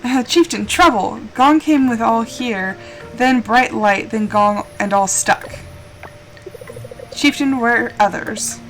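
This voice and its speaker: A woman's voice: fairly high pitch, slow pace, a bit bright, soft background music, rough recording. A woman reading the lines of a small male stone giant creature from a video game in her own voice, in broken, simple speech. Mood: worried.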